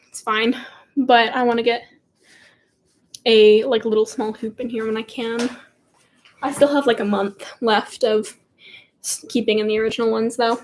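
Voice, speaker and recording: A teen girl rambles and giggles through a laid-back live Q&A, responding to what viewers ask. Her voice is a little high and a little mellow.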